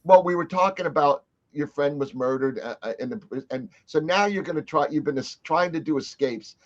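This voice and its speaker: A male host chats in a casual interview, animated and quick to laugh while he spins a story. The recording is dull and slightly lo-fi. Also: fairly high pitch. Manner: animated, laughs through his stories. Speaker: podcast host.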